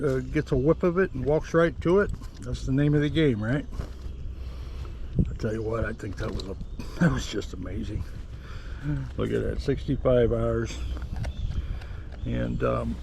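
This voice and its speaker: A man with a gravelly, creaky voice talks casually in plain, folksy grammar, often rising into high, cooing praise for his dog. He was recorded outdoors in the woods, and clear background noise runs under his voice. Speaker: dog handler tracking wounded deer. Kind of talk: casual outdoor vlog narration.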